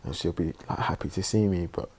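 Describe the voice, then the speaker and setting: A man telling a personal story in a halting, reflective way, with many pauses and restarts, sounding subdued and emotional. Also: low-pitched, fairly even intonation, a little mellow, slightly rough. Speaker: online religious presenter.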